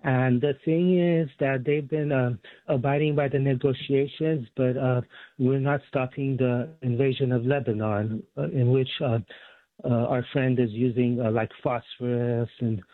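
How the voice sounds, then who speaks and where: A man from the San Francisco Bay Area calling in to a radio talk show, rambling about history with many pauses and fillers. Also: mid-range voice, steady tone, no room sound. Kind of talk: phone call to a talk show. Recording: tinny phone line.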